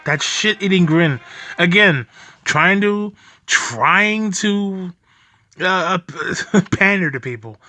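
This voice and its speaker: Young male reaction host, angry and foul-mouthed, bright voice with lively swings in pitch. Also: takes it slowly, dry recording, soft background music. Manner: furious, profane ranting with bitter laughs.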